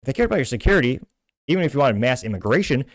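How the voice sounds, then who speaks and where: A man from Texas hosts his own political commentary show, ranting in a blunt, indignant way and leaning hard on his emphasis. His voice sits at an ordinary middle pitch. The sound is dry and close, with no room echo. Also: very animated, rapid-fire.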